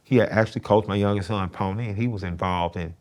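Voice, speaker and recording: A man's voice: on the low side, fairly even intonation, fast talker, darkish tone. A middle-aged man, a guest in an interview, telling a personal story in a plain-spoken, earnest way and swearing casually.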